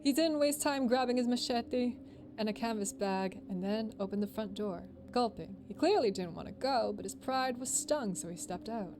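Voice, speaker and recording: A woman's voice: a little high, lively intonation, normal speed, noisy background. A young woman streamer reading a visual novel aloud, playful, laughing and voicing the characters. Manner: playful, laughs a lot, does character voices.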